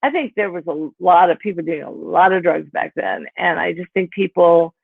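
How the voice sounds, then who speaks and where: A woman's voice: on the low side, moderate pace, gravelly, slightly rough, no echo. Woman in her sixties on a tinny call. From Pennsylvania, USA. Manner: rambling, filler-heavy, with frequent "you know" and "like". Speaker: author interviewed about her memoir. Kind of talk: casual conversational storytelling. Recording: tinny phone-like call audio.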